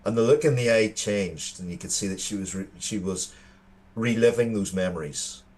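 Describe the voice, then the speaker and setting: A man's voice: fairly low pitch, moderate pace, a little mellow. An Irish man in his thirties, a co-host telling earnest stories in casual chat, often restarting his sentences. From Ireland. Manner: earnest storytelling with frequent restarts.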